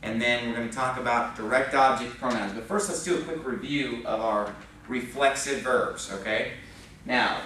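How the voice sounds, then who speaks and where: A man's voice: mid-range voice, a bit bright, slight background noise. A man teaching a Spanish class, explaining patiently and asking the class questions, with a frequent "okay?". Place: church classroom. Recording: very echoey classroom recorded from far off.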